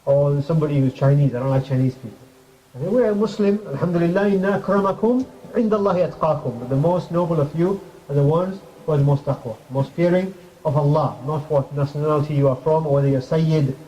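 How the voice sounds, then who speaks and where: A man giving an informal sermon in a mosque, speaking conversationally with the audience, putting questions to them and making light jokes, and quickly reciting Arabic verses. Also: on the high side, warm tone. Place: mosque hall. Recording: crackly muffled recording.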